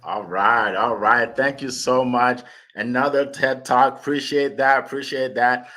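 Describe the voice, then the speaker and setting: A man's voice: medium pitch, steady tone, unhurried, sharp tone. A man hosting an online meetup over a video call, upbeat and chatty, repeating his phrases as he introduces speakers. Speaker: host.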